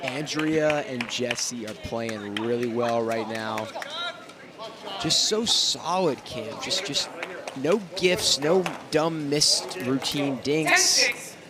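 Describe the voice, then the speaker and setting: A man calling pickleball live from courtside, gushing about the players and getting loud on big points. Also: medium pitch, expressive, slow pace. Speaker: pickleball commentator. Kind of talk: live sports commentary. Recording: loud crowd and noise. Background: crowd and court noise.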